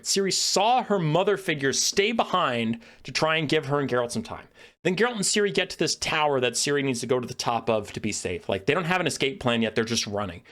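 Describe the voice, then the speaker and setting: A man rants in a sarcastic, profane way, his mid-range voice swinging up and down with lively energy. He speaks as a video creator laying out a story and then tearing into it. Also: mid-range voice. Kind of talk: lore rant.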